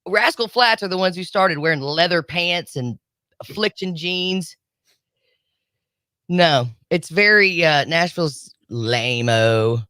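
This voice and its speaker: A woman's voice: on the low side, lively intonation, takes it slowly, long pauses, bright, forceful tone, dry recording, clean studio sound. A woman hosting a radio show, chatting casually with a wry, sarcastic edge. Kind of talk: casual morning radio banter. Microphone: studio microphone.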